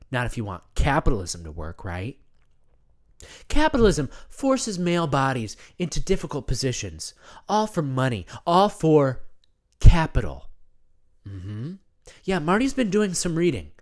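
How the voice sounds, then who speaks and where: A man playing a rambling, self-absorbed self-care guru who talks about himself in the third person, in a comedy monologue. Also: fairly high pitch. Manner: earnest, rambling, repeats himself.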